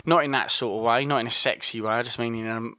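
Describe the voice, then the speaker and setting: A man's voice: mid-range voice, steady tone, fast talker, sharp tone, dry recording, studio quality. A man with an Essex accent co-hosting a podcast, chatting casually, often laughing and stumbling over his words. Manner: chatty, laughing, restarts and stammers. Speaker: podcast co-host. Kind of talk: casual chat.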